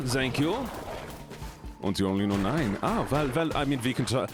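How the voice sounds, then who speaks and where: A man's voice: medium pitch, animated, normal speed. A man streaming a game, chatting playfully to his viewers in a casual way. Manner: chatty, playful, talking to chat. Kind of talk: casual gaming stream chat. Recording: game music behind. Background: game music.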